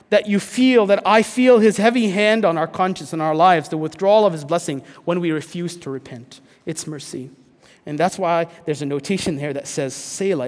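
A man preaching a sermon as pastor, earnest, dropping to a hush and then rising to emphatic points. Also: high-pitched, big-room sound. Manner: earnest, swings between hushed and emphatic.

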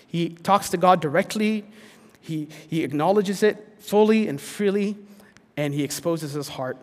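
A man preaching a sermon as pastor, earnest, dropping to a hush and then rising to emphatic points. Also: high voice, big-room sound. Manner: earnest, swings between hushed and emphatic.

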